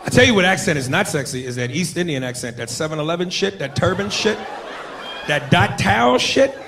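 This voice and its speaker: A man's voice: sits high, animated, fairly quick, creaky, background noise. A man doing a brash, profane stand-up routine on a comedy club stage. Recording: live club with crowd laughter.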